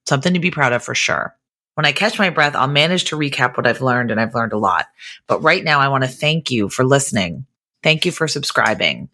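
A woman's voice: rumbling low, fairly bright tone. A middle-aged woman hosting a podcast, talking in an upbeat, grateful way. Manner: upbeat, thankful, enthusiastic. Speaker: podcast host. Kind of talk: podcast intro and chat.

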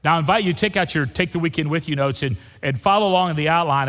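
A man's voice: on the high side, quick pace, a bit bright. An older man, a pastor preaching a folksy sermon and asking the congregation questions. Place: church sanctuary. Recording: long hall reverb.

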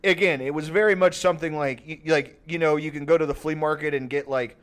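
Man, podcast host, casual storytelling, profane, rambling, laughs a lot, slightly high voice. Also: steady tone, quick pace, a bit bright.

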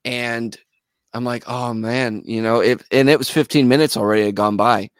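A young adult man, a musician guest, telling a story in a lively, casual way and laughing as he goes. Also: medium pitch, normal speed, clean tone, dry recording. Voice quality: animated, laughs while telling.

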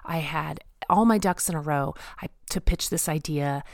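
A woman with a low voice shares her personal faith testimony at a moderate pace, speaking earnestly and directly to her listeners and driving points home through repetition. The recording is dry and clean, with studio-quality sound.

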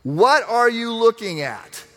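A man preaching a sermon, teaching in an animated, emphatic way with frequent restarts. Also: very high-pitched, takes it slowly. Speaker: pastor. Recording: long hall reverb.

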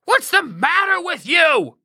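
A woman voicing a greedy, hot-tempered male prophet who yells and complains shrilly. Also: very high-pitched, very animated, slow, no room sound, clean studio sound, pitched above the performer's own voice, heavily acted. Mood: angry.

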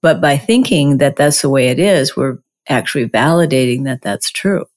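Low-pitched woman, casual podcast co-host, thinks out loud with frequent restarts. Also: expressive, moderate pace. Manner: rambling, many restarts and "you know". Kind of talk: casual reflective conversation.

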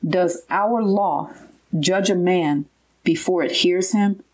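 A woman's voice: lowish voice, slow, a little mellow, low-quality recording. A woman in a conversational Bible study who reads the verses aloud and backs up her partner.

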